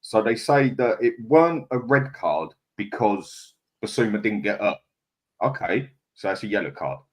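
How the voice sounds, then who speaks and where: Man, casual podcast chat, blunt and animated. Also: lowish voice, normal speed. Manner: blunt, animated, laughs often. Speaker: podcast panelist.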